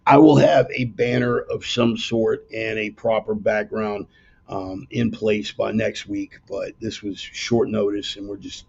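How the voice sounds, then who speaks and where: Brief: low gravelly male host, husky, rambling brash asides, dull laptop audio. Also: level tone, a little slow, darkish tone. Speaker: podcast host. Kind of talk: casual livestream commentary. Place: dining room in a private home.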